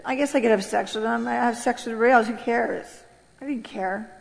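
A woman from California giving an emotional personal testimony, swinging between loud outbursts and hushed, low passages. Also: steady tone, quick pace, gravelly. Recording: long hall reverb.

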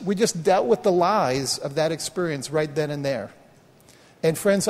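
A man's voice: high voice, darkish tone, in a large hall. A middle-aged man preaching a sermon as pastor, in a folksy, conversational way full of rhetorical questions and restarts.

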